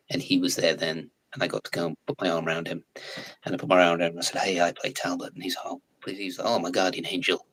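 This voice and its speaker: 低沉沙哑的英国口音男子. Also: male voice, low-pitched, poor audio. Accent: English. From England. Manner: animated storyteller, laughs often, slips into accents. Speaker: actor guest. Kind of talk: casual interview chat.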